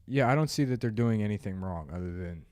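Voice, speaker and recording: A man co-hosting a casual comedy podcast, trading profane, sarcastic jokes in a deadpan way. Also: on the low side, fast. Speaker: podcast co-host.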